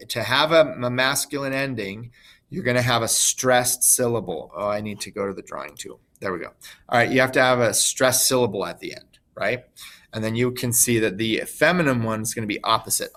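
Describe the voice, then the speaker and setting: A man's voice: medium pitch, a bit bright. A man teaching a recorded lesson in a casual, chatty way, with asides and fillers. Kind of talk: recorded screen-share lesson.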